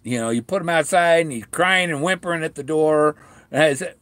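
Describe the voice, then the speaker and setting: A middle-aged man chatting on a home livestream, halting and full of restarts, talking with a sore mouth after tooth extractions. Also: fairly high pitch, fairly bright tone, no room sound. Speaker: vlogger talking to live viewers. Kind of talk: rambling casual livestream chat. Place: at home, indoors.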